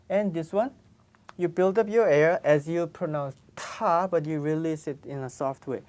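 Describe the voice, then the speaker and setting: A Korean language teacher gives a pronunciation lesson, patiently repeating each sound for her learners. She has a low, dark-toned voice and speaks at a normal speed.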